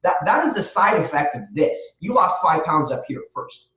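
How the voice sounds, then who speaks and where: A man's voice: high voice, big pitch swings, moderate pace, a bit bright, roomy sound, recorded from a distance, dull audio. A man guest on a podcast, answering in an earnest, motivational way and repeating phrases for emphasis. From Romania. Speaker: guest, real estate wholesaler.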